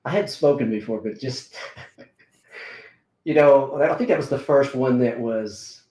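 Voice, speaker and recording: A middle-aged man, a martial arts instructor, tells a personal story in a relaxed, halting way, with many fillers and restarts. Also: mid-range voice. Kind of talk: casual conversational storytelling. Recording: roomy echo.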